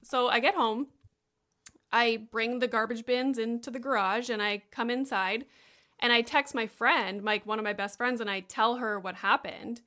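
A woman's voice: fairly high pitch, normal speed. A woman in her thirties from Canada, telling a story in casual chat with lots of fillers and casual swearing. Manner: animated, chatty, swears casually.

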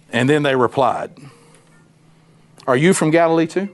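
A man's voice: a little high, lively intonation, moderate pace, pauses often. A man teaching a Bible study in a folksy, conversational way, acting out the voices of Bible figures.

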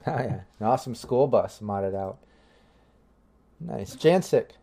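A man's voice: mid-range voice, expressive, a little slow, gravelly, warm tone, breathy edge. A man hosting a live tabletop game stream as game master, upbeat and rambling with lots of fillers. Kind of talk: casual livestream chat.

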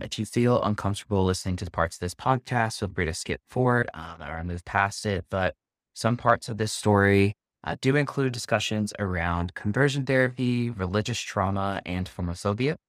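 A young man with a Southern US accent, co-hosting a podcast in a chatty, playful and gently earnest way. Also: fairly low pitch, moderate pace, no echo, studio quality. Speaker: podcast co-host. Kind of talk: casual chat.

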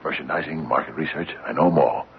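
An actor playing an anxious, aging widowed businessman in a radio drama, stammering and halting as he speaks. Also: a bass voice, slight background noise. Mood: musing. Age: older. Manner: stammering, halting, repeats words. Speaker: father and retired company founder. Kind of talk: 1950s radio drama acting. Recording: narrow phone-like old radio recording.

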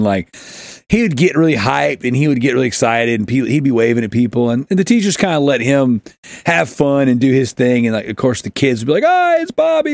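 Animated storytelling man on a podcast. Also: mid-range voice, dry recording. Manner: rambling, laughing, acts out shouted quotes. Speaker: podcast host. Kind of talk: casual storytelling chat.

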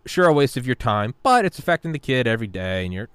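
A man's voice: mid-range voice, fast, smooth, no echo. A man hosting a podcast conversation, talking animatedly and acting out imagined exchanges. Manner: animated, acts out imagined dialogues. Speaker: podcast host. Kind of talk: casual conversation.

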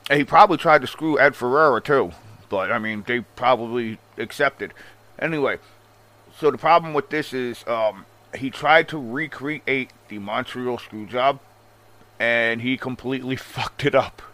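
A man ranting casually about wrestling history in a profane, animated and sarcastic manner. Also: mid-range voice, normal speed. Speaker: wrestling commentator. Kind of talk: casual rant.

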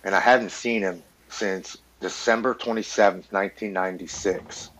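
A man's voice: low voice, steady tone, normal speed, a bit bright, a little hiss or hum, rough recording. A man in his forties, a podcast guest, earnestly telling his recovery story in a blunt, swearing, casual way.

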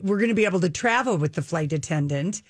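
A woman's voice: fairly low pitch, expressive, fast talker, no echo. Chatty woman in a dry studio. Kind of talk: casual chat about TV shows.

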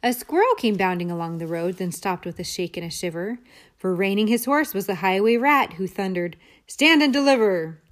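A woman reading a children's picture book aloud in an expressive, rhythmic way. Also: mid-range voice, a little fast. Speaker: storybook reader.

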